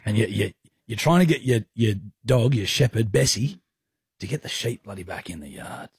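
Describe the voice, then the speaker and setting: Teasing radio host, husky voice. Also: male voice, on the low side, lively intonation, moderate pace, no room sound, studio quality. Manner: teasing, playful, laughs often. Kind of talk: casual radio banter. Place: radio studio.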